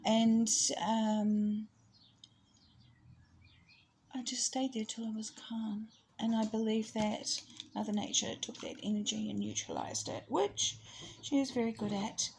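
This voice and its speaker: A woman giving a rambling, chatty spiritual talk, with laughs and soft asides. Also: fairly high pitch, steady tone, unhurried, creaky, a little hiss or hum, poor audio. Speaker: astrology presenter.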